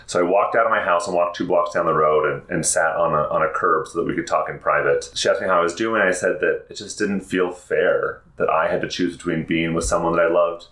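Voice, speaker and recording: Deep voiced guy talking earnest in an interview, kinda echoey room. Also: steady tone, fairly quick, hardly any pauses, a bit bright. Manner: earnest and reflective, with frequent "like" and restarts. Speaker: podcast guest, therapist. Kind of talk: candid interview conversation.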